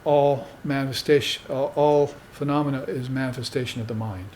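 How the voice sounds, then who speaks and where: A man speaking as a spiritual teacher to a room of students, with a mid-pitched voice. He talks in an unhurried, conversational way and keeps checking in with "you see". A faint hiss sits under the recording. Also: fairly even intonation, a little mellow. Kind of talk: dharma talk.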